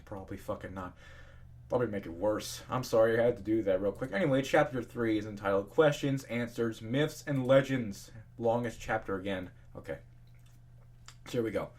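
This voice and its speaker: Reading fan fiction casually, a young man uses a lowish, somewhat dark voice at normal speed. He swears freely, rants in between lines, and laughs at the writing.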